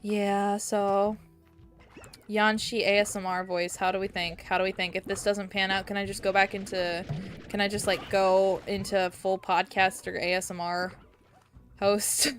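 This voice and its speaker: A woman streaming a game, chatting casually and getting excited easily, with giggles. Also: mid-range voice, a little slow, soft background music. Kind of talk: casual gameplay stream chat.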